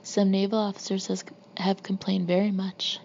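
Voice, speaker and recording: A woman's voice: mid-range voice, level tone, normal speed, darkish tone, highs cut off, a little hiss or hum, lightly acted. A woman reading the part of a small, elegant maître d' who pleads politely and uneasily. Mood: pleading.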